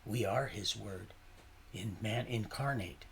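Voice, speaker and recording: A man hosting a livestream, talking in a meandering, folksy way that mixes faith talk with swearing and swings between quiet asides and sudden loud bursts. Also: fairly low pitch, slow pace, slight background noise. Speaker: livestream host. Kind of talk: rambling casual livestream talk.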